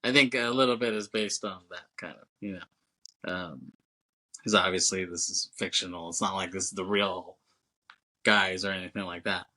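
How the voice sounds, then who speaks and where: A man's voice: low-pitched, steady tone, normal speed, sharp tone, rough recording. A male podcast co-host recapping a movie in loose, casual chat, full of fillers, swearing and chuckles.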